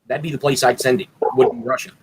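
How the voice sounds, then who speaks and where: Man, mid pitch, rambling, hesitant, faint background noise. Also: little pitch movement, fast talker. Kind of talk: casual chat.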